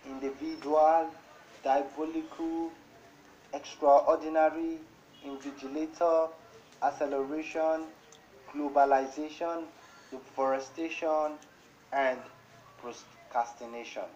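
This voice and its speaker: A woman teacher with a Nigerian accent giving a broadcast classroom lesson, slowly dictating example words one at a time. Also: sits low, steady tone, warm tone. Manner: slow, deliberate word-by-word dictation. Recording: dull lo-fi broadcast audio with faint noise.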